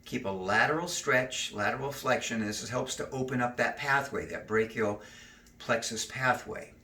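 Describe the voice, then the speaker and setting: A man teaching neck and shoulder stretches, giving calm step-by-step cues and slow breathing counts. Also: medium pitch, distant mic. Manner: calm, cueing slow breathing and gentle moves. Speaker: stretching instructor. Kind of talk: exercise demonstration. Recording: roomy, from off mic.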